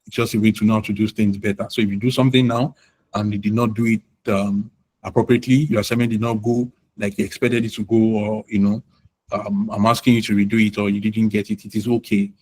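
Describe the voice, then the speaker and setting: A man leads a live online class in a somewhat low voice. He is encouraging and relaxed, filling his pauses with "um" and "you know". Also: slight background noise, low-quality recording. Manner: encouraging, uses many fillers and "you know". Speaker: product management instructor.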